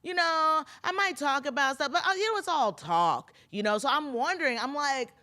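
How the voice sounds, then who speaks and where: A woman's voice: high-pitched, expressive, normal speed, bright, forceful tone. A woman hosting a casual podcast, recapping reality TV in a chatty, gossipy way and talking straight to her listeners. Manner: chatty, gossipy, lots of fillers and asides to listeners. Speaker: pop culture podcast host.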